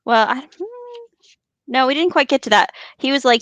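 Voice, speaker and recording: A podcast co-host with a Colorado accent chats and jokes, then reads passages from a book aloud, dropping into a lower, solemn voice for the narration. She talks a little fast, and the recording is dry.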